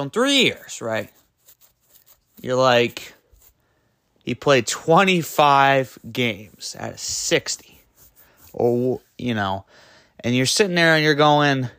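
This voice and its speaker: A man hosting his own sports podcast, ranting in an exasperated, emphatic way, full of rhetorical questions and quick self-corrections. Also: mid-range voice, fairly bright tone, dry recording, clean studio sound. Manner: loose and rambling, trips over words and self-corrects. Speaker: podcast host. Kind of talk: solo sports podcast rant.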